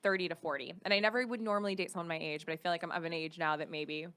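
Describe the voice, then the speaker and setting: A woman's voice: fairly low pitch, racing, clean tone. A woman in her thirties, a podcast guest and actress, chatting casually and acting out the people in her stories. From San Diego area. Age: 30s. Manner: animated storyteller who acts out quoted people. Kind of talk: casual chat.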